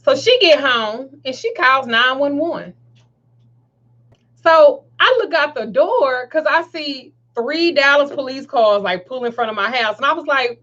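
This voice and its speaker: A woman's voice: high-pitched, normal speed. A woman telling a profane story in casual chat, laughing often and acting out what people said. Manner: profane, animated storyteller who laughs often and acts out quotes. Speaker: host. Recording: dull lo-fi sound.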